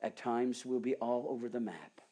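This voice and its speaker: A preacher in full sermon mode with a mid-range voice. The delivery is highly dramatic, dropping to hushed, almost whispered passages and then rising into fervent, exclaiming peaks. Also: moderate pace, husky.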